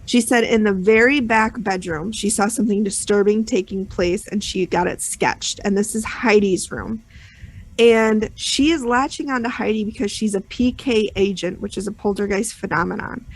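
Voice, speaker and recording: A woman's voice: medium pitch, moderate pace. A woman co-hosting a podcast, recapping a TV episode in a chatty, rambling way with many fillers. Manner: chatty storytelling with many ums and you knows. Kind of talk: casual chat.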